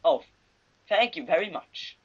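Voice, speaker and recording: A woman's voice: mid-range voice, very animated, measured pace, vocal fry, slightly rough, dull audio. A woman gaming with friends, cheeky and mock-dramatic, swearing at the other team. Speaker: gamer playing with friends. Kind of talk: casual gaming chat.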